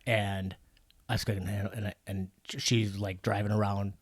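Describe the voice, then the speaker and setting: Profane, animated male podcast co-host. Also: fairly low pitch, moderate pace, no echo. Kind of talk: casual chat.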